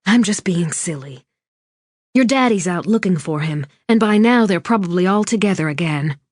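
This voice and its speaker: Woman voicing a hushed, worried mother. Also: on the low side, animated, normal speed, no echo, studio quality. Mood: tender. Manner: soft, hushed and gentle. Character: worried mother soothing her child. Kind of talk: audiobook character voice.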